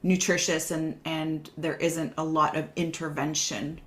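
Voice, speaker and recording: A woman's voice: low-pitched, level tone, unhurried, fairly bright tone. A woman hosting a casual podcast interview, reflective and enthusiastic as she asks questions. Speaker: podcast host.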